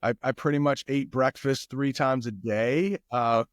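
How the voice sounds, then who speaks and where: A man's voice: medium pitch, steady tone, measured pace, dry recording, clean studio sound. An American man, a guest English teacher, chatting casually on a podcast in an easygoing way, often repeating his phrases. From United States.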